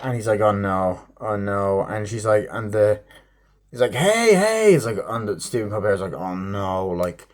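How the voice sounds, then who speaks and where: A man's voice: fairly low pitch, steady tone, darkish tone. Profane rambling man reviewing a movie. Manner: profane, rambling, acts out scenes in quick snippets. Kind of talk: casual spoken review.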